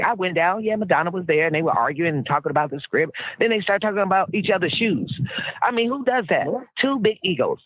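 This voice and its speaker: A woman's voice: fairly low pitch, lively intonation, quick pace, fairly bright tone, breathy edge, dry recording. A woman guest telling casual stories in a blunt, profane way, laughing often as she talks. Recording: tinny, dry phone line.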